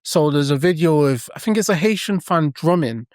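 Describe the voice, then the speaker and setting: A man's voice: fairly high pitch, expressive, moderate pace, darkish tone, no room sound. Chatty man, dry close sound. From England. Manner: chatty, laughs often, many restarts. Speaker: podcast co-host. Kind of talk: casual chat.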